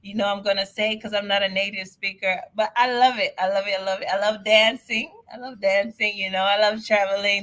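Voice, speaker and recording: A woman answering immigration questions on a live stream, chatty and excitable, often repeating herself. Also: mid-range voice, a little fast, few pauses. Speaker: immigration advisor.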